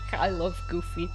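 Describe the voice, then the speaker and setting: A woman streamer reading a visual novel aloud, laughing often and breaking off into animated chat. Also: lowish voice. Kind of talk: narrating a story and chatting.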